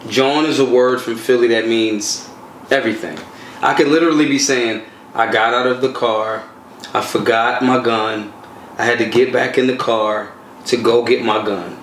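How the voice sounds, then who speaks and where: A man talks in loose, slangy, animated stories, his mid-pitched voice bouncing around a reverberant room. A soft hum of ambience sits underneath. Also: moderate pace. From Philadelphia. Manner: animated, streetwise storytelling with slang. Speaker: guest, gun rights activist. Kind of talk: casual conversational interview.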